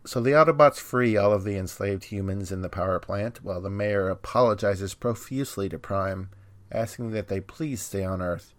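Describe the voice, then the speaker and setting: Casting: male podcast co-host, lowish voice, wry deadpan recaps, dry close sound. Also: normal speed, no room sound. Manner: wry, dry humor, laughs often. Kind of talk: casual chat and episode recap.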